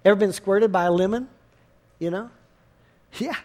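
A man's voice: high-pitched, normal speed, a little mellow. A man preaching a sermon in a folksy, conversational way, telling everyday stories to make his points. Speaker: pastor.

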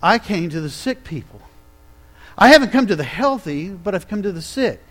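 A quiet, gentle male teacher and healer, as a preacher voices him mid-sermon. He speaks softly, with small hesitations, and stays calm and low-key. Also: slow pace.

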